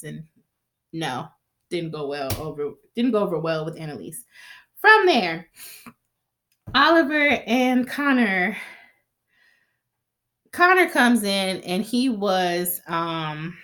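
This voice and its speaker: A woman's voice: fairly low pitch, fairly bright tone. A woman giving a casual, chatty recap of a TV episode, swearing freely and acting out the characters' lines. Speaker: TV recap vlogger.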